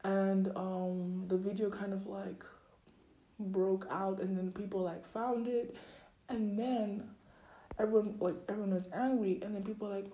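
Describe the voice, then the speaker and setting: A woman's voice: mid-range voice, fairly even intonation, unhurried, mellow. A teenage girl hosting a podcast, chatting casually and gossiping in a rambling way, full of filler "likes". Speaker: podcast host. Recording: roomy echo.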